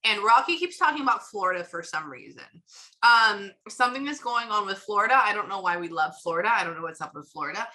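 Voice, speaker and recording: Bright-voiced chatty woman medium. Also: medium pitch, expressive, low-quality recording. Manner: chatty, retells what she hears in quick bursts. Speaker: psychic medium. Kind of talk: casual reading session.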